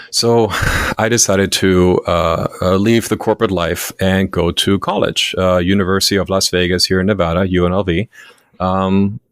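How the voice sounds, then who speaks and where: A man in his thirties, a guest author telling lively stories in an interview, laughing often and acting out what others said. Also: low-pitched, no room sound, clean studio sound. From Germany. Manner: animated storyteller, laughs often, acts out quoted lines. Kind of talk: storytelling interview.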